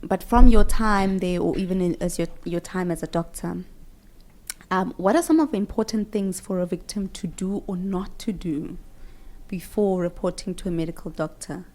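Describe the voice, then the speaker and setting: A woman's voice: fairly low pitch, moderate pace, a little mellow. A woman hosting a radio podcast interview, conversational and affirming, often answering "mm" and "I love that". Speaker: podcast host.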